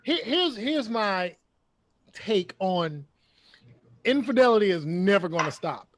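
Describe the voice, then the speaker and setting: A man's voice: high-pitched, big pitch swings, takes it slowly, a little hiss or hum. A man hosting a casual chat, giving his opinion emphatically and repeating his points. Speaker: podcast host.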